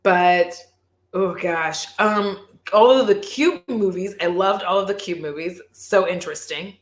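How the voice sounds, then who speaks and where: A woman vlogger chatting casually on a livestream, animated, swearing and laughing often. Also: lowish voice, a little slow, echoey room.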